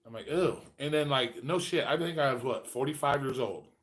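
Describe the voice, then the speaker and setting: A man in his late forties with a mid-range voice hosts a loose livestream chat. He swears freely and rambles through food stories. He gets more animated when he mimics his past self. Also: medium pitch, brisk. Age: 40s. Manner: profane, rambling storyteller. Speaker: host.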